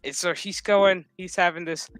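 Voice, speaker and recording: A man's voice: high voice, steady tone, moderate pace, fairly bright tone, no room sound, soft background music. A man casually recapping a TV episode, rambling and swearing while acting out what the characters say. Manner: profane, rambling retelling that acts out quotes. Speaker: show recap vlogger.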